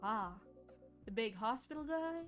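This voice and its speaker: A woman's voice: fairly high pitch, expressive, a little slow, soft background music. A woman voicing a friendly male police officer in a put-on American Southern accent, easygoing and folksy. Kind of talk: streamer voicing game dialogue.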